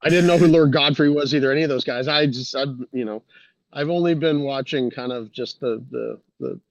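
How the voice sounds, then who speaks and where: A man's voice: mid-range voice, fairly quick, vocal fry, dry recording. A man chatting as a guest on a casual talk show, easygoing with hesitant fillers. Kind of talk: casual podcast chat. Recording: dull lo-fi dry mic.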